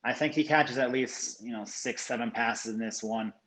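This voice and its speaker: A man from South Florida, a professional sports bettor, giving his picks as a podcast guest in a steady, measured way with frequent "you know" and "um". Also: mid-range voice, low-quality recording. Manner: steady, measured, uses 'you know' and 'um' often. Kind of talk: casual podcast interview.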